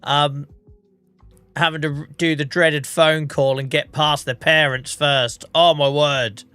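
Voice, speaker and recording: A man's voice: fairly high pitch, steady tone, slow pace, bright, forceful tone, clear, resonant tone, no room sound, faint music behind. A man in his forties with a Norfolk accent, chatting casually while live-streaming a farming game, under the weather and coughing, swearing and joking at his own expense. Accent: Norfolk English. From England. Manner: chatty, swearing, self-mocking.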